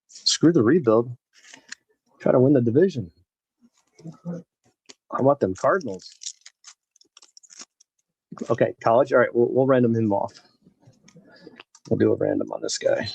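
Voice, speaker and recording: A man's mid-range voice, slightly mellow and gravelly-husky, comes at a measured pace with long pauses. He's hosting a live baseball card break, rambling in easy stream chat and naming viewers while opening packs. No echo; lo-fi sound.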